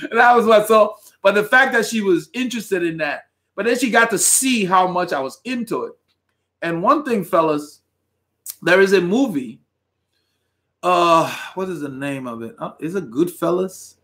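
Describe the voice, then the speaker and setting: A man's voice: fairly high pitch, fairly bright tone. A middle-aged man from Texas hosts a cycling channel's live stream, reading viewer comments in a rambling, conversational way and chuckling often.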